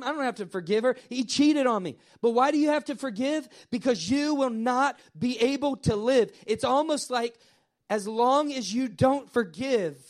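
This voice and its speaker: A male pastor delivers a sermon in a fairly high voice. He talks straight to his congregation, repeating phrases and swelling to emphatic peaks before dropping back down. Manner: animated, repetitive preaching that swells and drops; addresses the congregation directly.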